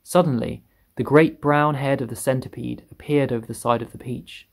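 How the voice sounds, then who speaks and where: Gravelly man reading a storybook. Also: medium pitch. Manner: lively, expressive read with drawn-out emphasis. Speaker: narrator.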